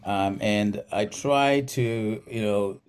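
A middle-aged South African man with a South African accent, a physical therapist, is a guest on a podcast. His voice sits on the low side, slow and smooth, and he talks thoughtfully in a conversational interview, with many fillers and restarts.

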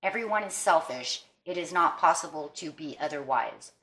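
A woman's voice: low voice, animated, normal speed, fairly bright tone, a little hiss or hum. Chatty woman giving a tarot reading. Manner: chatty, often adds "okay?" and "you know". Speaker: tarot reader. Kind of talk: casual tarot reading to viewers.

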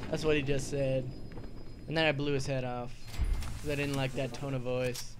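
A young man giving goofy, rambling let's-play commentary, cracking jokes and sometimes breaking into squeaky outbursts. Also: flat delivery, normal speed. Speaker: gameplay commentator. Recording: noisy home recording.

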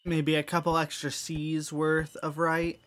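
A gaming streamer giving casual, chatty commentary while playing a horror game, self-mocking and quick to laugh. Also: medium pitch, monotone, a bit bright. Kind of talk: casual let's-play commentary.

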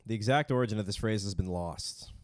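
A man's voice: on the low side, fast talker, dry recording. A young man co-hosting a comedy podcast, telling a rambling story in a laid-back, casual way.

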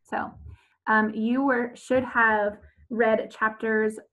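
A woman's voice: on the high side, level tone, slow, a bit bright, rough recording. A woman teaching fourth graders in a remote class lesson, patient and repetitive, with frequent ums as she walks through each step.

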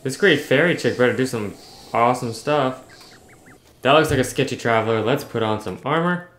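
A man's voice: medium pitch, normal speed, fairly bright tone, echoey room. A man giving casual let's-play commentary, reading game text aloud between chatty remarks. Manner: reads on-screen text aloud, chatty asides. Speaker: gaming YouTuber.

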